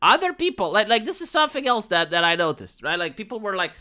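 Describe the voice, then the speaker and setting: This is a fast talker with a mid-range voice who barely pauses: a Romanian-accented streamer, once a raid leader, ranting bluntly and profanely about leading raids. The livestream is casual and his delivery animated.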